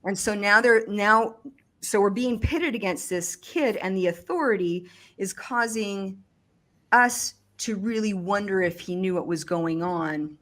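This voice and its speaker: A woman recounting a personal experience in conversation, speaking haltingly with frequent restarts and fillers. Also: mid-range voice, fairly bright tone. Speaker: survivor giving testimony.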